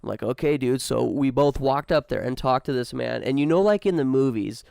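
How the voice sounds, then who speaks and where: A man's voice: mid-range voice, a little fast, creaky, darkish tone, no room sound, clean studio sound. A man co-hosting a casual podcast, telling stories in a laid-back way and calling his friends dude and man. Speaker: podcast co-host. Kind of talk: casual chat.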